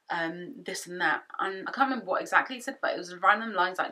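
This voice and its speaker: A twenty-something British woman talks fast with few pauses, her voice on the low side, as she vlogs a personal story and acts out both sides of the dialogue. Recorded in a home office through a camera-mounted shotgun mic, the sound is rough.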